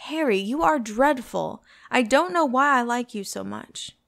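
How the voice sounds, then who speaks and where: A woman's voice: fairly high pitch, expressive, unhurried, gravelly, fairly bright tone, voice pushed up, heavily acted. A woman voicing an eager, naive young man with a romantic, impassioned manner in an audiobook.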